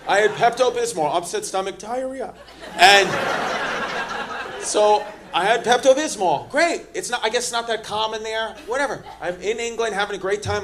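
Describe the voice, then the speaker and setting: A man doing stand-up, brashly teasing audience members in rapid-fire crowd work. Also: high-pitched, a little hiss or hum. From Queens, New York. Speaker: stand-up comedian. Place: comedy club stage. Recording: comedy club with loud laughing crowd.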